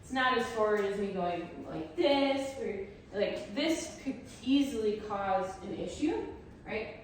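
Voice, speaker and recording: A woman dog trainer talks in an unhurried way, explaining each step and stopping often to praise the dog. She is recorded from some distance in a very echoey space. A faint noise sits behind her. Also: lively intonation. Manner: talks to the viewer, breaks off for high praise to the dog.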